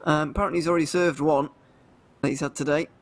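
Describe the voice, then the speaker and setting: A male race commentator calls the action on a live stream in a slightly high voice. He talks chattily and often breaks off mid-thought to restart. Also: fairly even intonation, quick pace.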